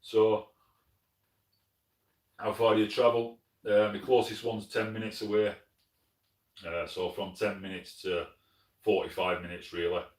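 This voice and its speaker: Speaking unhurriedly with long pauses, this South Yorkshire man has a lowish, darkish voice and a level tone. He's a hunting channel host from Sheffield, live-streaming from his lodge and replying to comments in a friendly, straightforward manner, often saying mate. The audio is echoey, with the mic some way from him.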